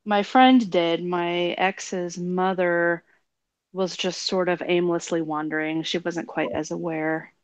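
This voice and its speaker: A woman chatting casually about her experiences, chatty and quick to laugh. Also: fairly low pitch, steady tone, clean tone, dry recording. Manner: chatty, laughs easily, uses "like" a lot. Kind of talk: casual chat.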